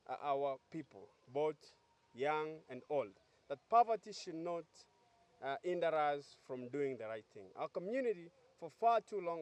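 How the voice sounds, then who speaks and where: A Kenyan-accented man with a fairly high voice delivers a campaign statement to reporters, emphatic and halting, with fillers and repeated words. The recording is close and dry. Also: darkish tone, no echo. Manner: emphatic, with filler pauses and repetitions. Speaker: youth speaker at a press briefing. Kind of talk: political speech to the press.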